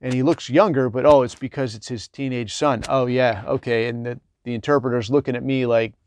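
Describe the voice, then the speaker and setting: A middle-aged man spins a loose, wandering yarn from his service days. He talks in an easy, chatty way, full of fillers and side tangents, and his voice sits at an ordinary middle pitch. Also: fairly even intonation, a little fast, darkish tone, no room sound. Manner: rambling, digressive, conversational with lots of fillers. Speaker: military veteran storyteller. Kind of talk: casual anecdotal storytelling.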